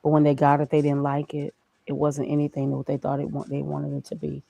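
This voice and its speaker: A woman's voice: deep voice, monotone, brisk, vocal fry, dark tone, poor audio. A woman speaking as a guest in a conversational interview, emphatic and preachy, firing off rhetorical questions. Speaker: graphic designer and guest.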